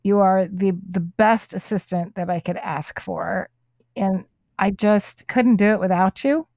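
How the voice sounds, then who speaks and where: A woman hosts a podcast in a relaxed, unhurried way, gushing with enthusiasm as she chats. Her voice sits at a middle pitch and is recorded close and dry, with no room sound around it. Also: no echo. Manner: effusive, enthusiastic. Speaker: podcast host. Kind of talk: casual podcast chat.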